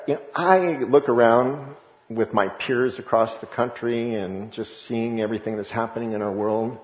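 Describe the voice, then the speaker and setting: A man preaching a sermon as pastor, animated and conversational, with laughs and asides. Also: lowish voice. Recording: echoey room, dull lo-fi sound.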